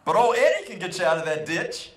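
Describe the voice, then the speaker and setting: A man's voice: sits high, big pitch swings, quick pace. A man voicing a plainspoken rural farmer in a story told during a speech. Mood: folksy calm. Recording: roomy hall echo.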